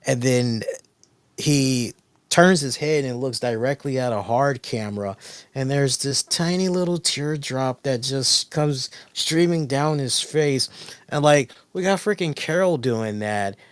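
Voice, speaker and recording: A man chats on his podcast in a rambling, excitable way, piling up fillers and curses as he tells a story. His voice sits at an ordinary middle pitch. The recording is dry and close, with no room sound. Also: measured pace, smooth, dry recording. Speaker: podcast co-host. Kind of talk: casual chat.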